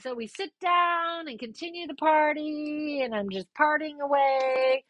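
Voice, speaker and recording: Animated woman telling a wild story. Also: a little slow, heavy background noise. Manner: lively, swears, acts out quotes with big pitch jumps. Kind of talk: casual personal storytelling.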